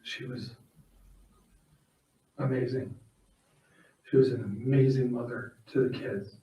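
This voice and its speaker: A man delivering a heartfelt eulogy in a funeral home chapel, speaking plainly as he tells his stories. His voice sits at a mid pitch and reaches the listener through a distant microphone. The room around him rings with echo. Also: fairly even intonation, slow, dull audio. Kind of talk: personal eulogy and prayer. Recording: echoey room from far off.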